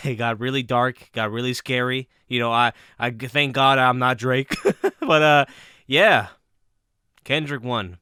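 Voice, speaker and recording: Man, casual vlog commentary, bright sharp voice, dry close sound, laughs and swears a lot. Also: medium pitch, unhurried, clean tone, dry recording.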